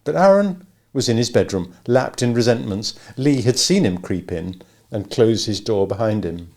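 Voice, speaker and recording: A man's voice: lowish voice, expressive, normal speed, darkish tone. A man narrating a novel as an audiobook, reading expressively.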